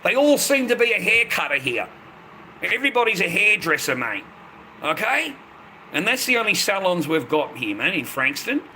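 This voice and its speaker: Australian man, late fifties, on a live stream. Sharp, bright edge, pitched a touch high; combative, swears constantly. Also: very animated, moderate pace, a little hiss or hum. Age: 50s. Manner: blunt, heavy swearing, repeats himself, combative. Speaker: livestreamer. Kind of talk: profane angry rant to a live stream.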